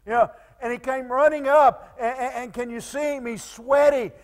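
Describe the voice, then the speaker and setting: High voiced preacher guy, lots of stammering restarts, gets loud then real quiet. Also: steady tone, normal speed. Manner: stammering restarts, dramatic swings from loud to hushed. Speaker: pastor. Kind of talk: sermon.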